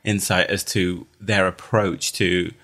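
Bright-voiced man hosting a film panel. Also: sits low, fairly even intonation, takes it slowly. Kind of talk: casual panel discussion.

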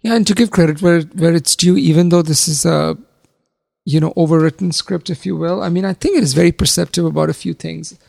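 A podcast co-host giving measured, analytical comments on a film and qualifying each remark. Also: medium pitch, fairly even intonation, creaky, darkish tone. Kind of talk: casual film review chat.

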